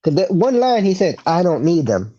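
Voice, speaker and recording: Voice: medium pitch, sing-song, moderate pace, dark tone, muffled recording. A podcast co-host chatting casually about wrestling, giving laid-back, brief replies.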